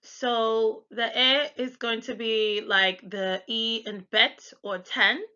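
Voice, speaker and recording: A woman with an American accent gives a pronunciation lesson in a bright, fairly high voice. She explains each sound step by step and sometimes stops to correct herself. The audio is a little dull and lo-fi. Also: fairly even intonation, slow pace, smooth. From United States. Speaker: language tutor.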